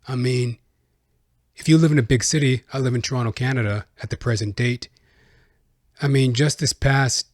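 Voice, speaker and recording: A man's voice: medium pitch, no echo, clean studio sound. Man rambling through a casual podcast monologue. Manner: rambling, conversational, chuckling. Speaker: podcast host.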